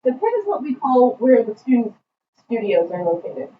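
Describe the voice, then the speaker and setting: A young woman co-hosting a podcast, telling a college story in an animated way, laughing as she goes. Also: fairly high pitch, moderate pace. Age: young adult. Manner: animated, laughing, imitates a thick accent in quotes. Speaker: podcast co-host. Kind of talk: casual storytelling chat. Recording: roomy, distant, dull sound with faint noise.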